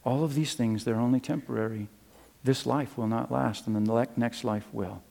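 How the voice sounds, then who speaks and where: An older man preaching a sermon, animated in his stories and dropping low and quiet for serious points. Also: moderate pace, gravelly, big-room sound. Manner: animated storytelling, swings from loud and high to low and quiet. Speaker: pastor.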